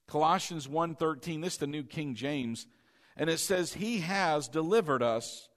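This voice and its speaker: A man preaching a sermon as pastor, leading call-and-response and building to loud, emphatic preaching. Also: a little high.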